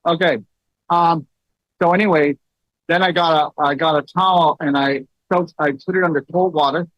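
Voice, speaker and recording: Middle-aged guy rambling thru stories, lotsa ums, kinda high voice, flat dead-dry lo-fi audio. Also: normal speed, no room sound. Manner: storytelling, many fillers, rising into animated quoted lines. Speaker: host. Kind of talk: casual livestream talk. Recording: dull, dry lo-fi sound.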